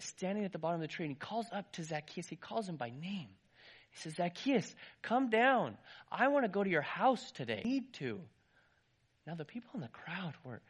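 A man preaching to a congregation, telling the story with lively ups and downs. His voice is husky and sits a little high. He restarts phrases now and then. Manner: lively retelling, voice rising and falling, some restarts. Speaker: pastor. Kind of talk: sermon storytelling.

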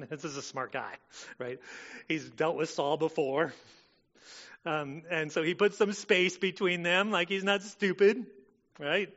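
Pastor with a dull lo-fi sound. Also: male voice, on the high side. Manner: casual, filler-heavy preaching, swings loud and soft. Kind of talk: sermon.

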